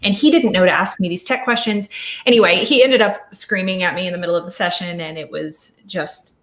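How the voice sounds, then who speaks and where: A woman's voice: on the low side, brisk, a bit bright. Chatty woman on an echoey call. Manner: chatty, thoughtful, with frequent restarts. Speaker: audio studio founder, guest speaker. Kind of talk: casual virtual talk.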